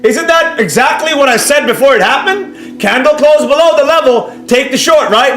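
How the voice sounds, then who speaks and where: High-voiced, animated male livestreamer. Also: normal speed, hardly any pauses. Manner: animated, bursts up loudly when excited; brash, boastful, talks straight to the audience. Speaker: trading educator streaming live. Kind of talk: live-stream chat reading viewer comments. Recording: roomy sound with faint music behind.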